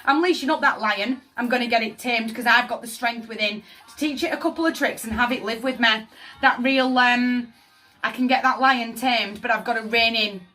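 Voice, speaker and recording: A woman's voice: a little high, moderate pace, pushed and bright. A woman giving a tarot reading, speaking emotively and often asking "does that make sense" over faint background music. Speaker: tarot reader.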